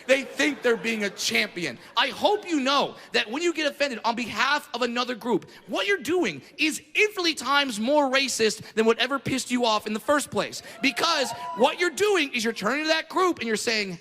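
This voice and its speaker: A high-voiced male comedian performs a stand-up routine, loud and profane, often breaking into shouted rants. His voice rings through a long hall reverb, with audience noise clearly heard behind him. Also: big pitch swings, normal speed. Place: comedy stage with a live audience. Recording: echoey hall with crowd noise.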